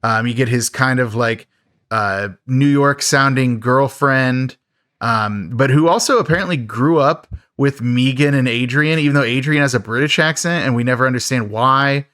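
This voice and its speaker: A man's voice: medium pitch, normal speed, a bit bright, no room sound. Wry man recapping a movie, dry mic. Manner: jokey, laughing often. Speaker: podcast co-host. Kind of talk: casual movie recap chat.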